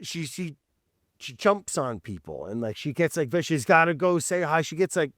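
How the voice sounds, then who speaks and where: A man's voice: fairly high pitch, lively intonation, moderate pace, a bit bright, dry recording, clean studio sound. A man hosting a podcast, chatting in a laid-back, profane, joking way. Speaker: podcast host. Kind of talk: casual podcast chat.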